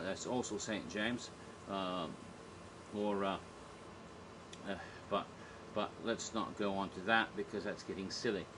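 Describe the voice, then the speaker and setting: A man's voice: on the low side, background noise. A man vlogging in a casual, rambling monologue, digressive, chuckling at his own jokes with many fillers.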